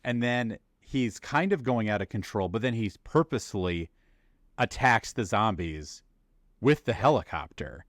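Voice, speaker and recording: A man with a very low voice talks through a podcast chat, loose and jokey. He slips into quick put-on voices to act out scenes. The sound is dry and close. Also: dry recording. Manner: animated, jokey, acts out movie characters in quick voices. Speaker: podcast co-host. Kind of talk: casual chat.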